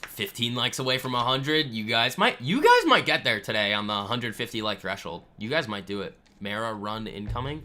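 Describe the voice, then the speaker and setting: Bright-voiced man chatting through trading. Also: mid-range voice, sing-song, normal speed. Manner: chatty and boastful, lots of fillers. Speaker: trading livestream host. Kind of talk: casual live market commentary, answering chat. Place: home room.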